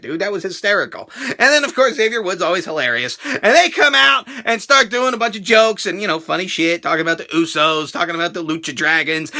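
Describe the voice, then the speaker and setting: Brief: sarcastic ranting male reviewer, very high lively voice, bright and sharp. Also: creaky. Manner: profane, sarcastic, animated ranting. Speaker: wrestling show reviewer. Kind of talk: ranting reaction vlog.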